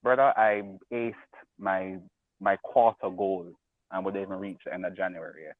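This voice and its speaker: A man's voice: low-pitched, moderate pace, no room sound. Emotional man calling in by phone. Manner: excited, rambling storyteller. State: emotional, near tears. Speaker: caller. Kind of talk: phone-in chat. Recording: tinny phone line.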